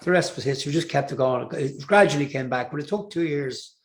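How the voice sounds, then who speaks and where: A man's voice: on the high side, fast talker. An older man with an Irish accent, a singer telling rambling stories with fillers and restarts in an interview. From Ireland. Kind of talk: casual storytelling interview.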